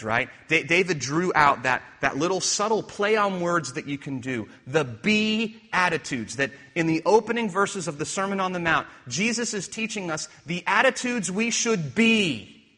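A man preaching a sermon, using rhetorical questions and swinging from hushed to emphatic. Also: a little high, husky. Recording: reverberant hall.

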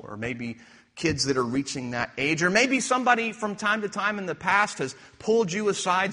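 A man preaching a sermon, using rhetorical questions and swinging from hushed to emphatic. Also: on the high side. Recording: reverberant hall.

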